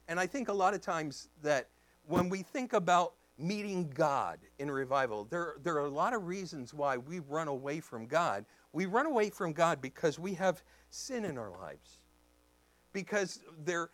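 A man preaching as a pastor, telling a story in an animated way and acting out the voices in it. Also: fairly high pitch, no room sound. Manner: animated, acts out voices in his stories. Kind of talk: storytelling sermon.

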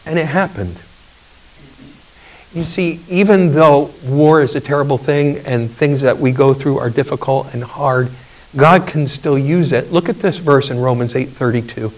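A man preaching a communion sermon, telling a story in a halting way with fillers. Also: medium pitch, distant mic, low-quality recording. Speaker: pastor.

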